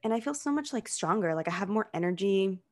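A woman's voice: medium pitch, expressive, brisk. A young woman co-hosting a podcast, chatting casually and filling her sentences with "like". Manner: chatty, heavy use of "like" fillers. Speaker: podcast co-host. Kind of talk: casual chat.

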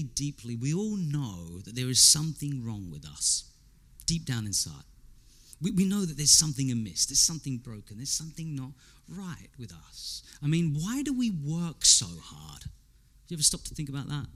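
A man delivering a sermon in a chatty, conversational way, with a voice pitched a little high for a man. He keeps throwing rhetorical questions at his listeners and often repeats words as he builds a point. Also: a bit bright. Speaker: preacher.

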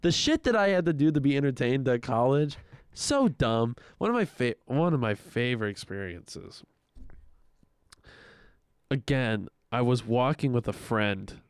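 A man's voice: mid-range voice, measured pace, clean tone, dry recording, studio quality. A young man co-hosting a podcast, telling stories in a casual chat, acting out voices and swearing often. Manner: animated storytelling, acts out quoted voices, swears a lot. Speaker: podcast co-host.

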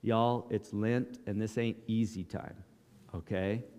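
A man's voice: fairly low pitch, fairly even intonation, takes it slowly, mellow, in a large hall. A male pastor preaching a sermon in short, dramatic, emphatic lines.

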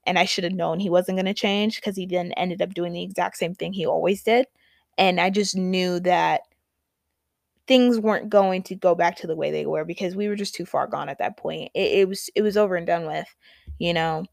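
Gravelly-voiced young woman, candid podcast talk. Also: on the low side, fairly even intonation, normal speed, no room sound, clean studio sound. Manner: candid, conversational, trailing off and restarting. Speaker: podcast host and poet. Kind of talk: casual podcast monologue.

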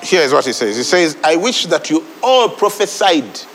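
A man's voice: on the high side, very animated, normal speed, a bit bright, long reverb tail, soft background music, rough recording. A man preaching a sermon, repeating phrases for emphasis. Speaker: pastor.

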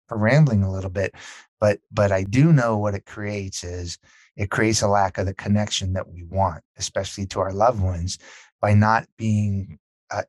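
A man's voice: fairly low pitch, no echo. A man being interviewed about his book, telling stories casually and acting out what people said. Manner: animated, acts out quotes, repeats words. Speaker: author and podcast guest.

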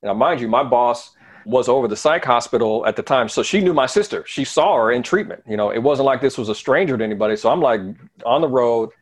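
A middle-aged man, a guest in an interview, telling a personal story in an earnest way that often sinks to a quiet low voice. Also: animated, a little fast.

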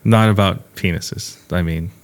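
A man's voice: low-pitched, fairly even intonation, measured pace, slight background noise. A man hosting a podcast, chatting casually, laughing and tripping over his words. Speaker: podcast host. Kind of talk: casual chat.

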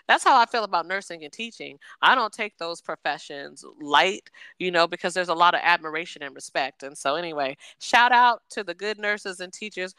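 A woman co-hosting a casual podcast chat, telling stories and giving warm shout-outs. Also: lowish voice, smooth, no room sound. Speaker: podcast co-host.

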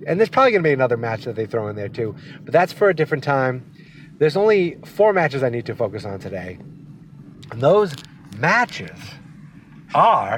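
A man's voice: on the high side, slight background noise. A man talking casually while driving, rambling and going off on tangents. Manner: rambling, tangent-prone, chatty. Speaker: wrestling vlogger. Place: inside a moving car.

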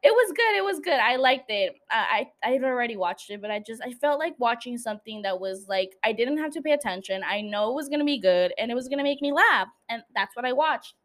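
High-voiced young woman, casual and cussing. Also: lively intonation, a little fast, hardly any pauses, fairly bright tone. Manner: chatty, swears freely, laughs often. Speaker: podcast host. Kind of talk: casual solo podcast chat.

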